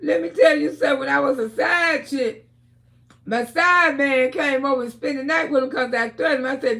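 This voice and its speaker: A woman hosting a casual livestream, talking loudly with frequent laughter and cursing while telling stories to her viewers. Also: high voice, moderate pace, gravelly. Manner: loud, laughing, storytelling with lots of cursing. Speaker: livestream host.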